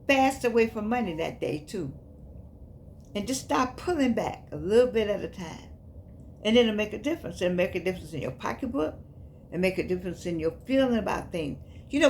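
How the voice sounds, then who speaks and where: An older woman talks in a folksy, preachy way, pressing her points hard and sometimes shooting up into high exclamations. Her voice sits at a middle pitch, with a faint hiss of background noise behind her. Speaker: commentator. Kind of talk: casual spoken commentary.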